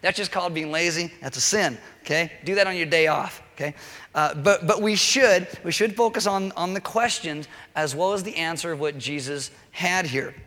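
Chatty preacher man with a bright voice. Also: a little high, moderate pace. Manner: chatty, joking asides, keeps checking in with okay. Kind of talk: casual sermon. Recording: long reverb of a large hall.

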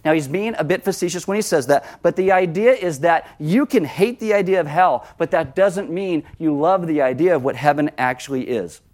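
A middle-aged man preaching a sermon as pastor, conversational, with lively asides. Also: fairly high pitch, normal speed, few pauses.

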